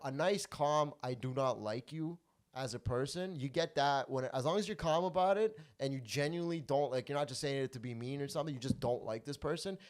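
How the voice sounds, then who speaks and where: A man hosting a comedy podcast in casual chat, acting out quoted lines with lively swings in loudness. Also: medium pitch. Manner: animated, acts out quotes in loud calm voices. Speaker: podcast host.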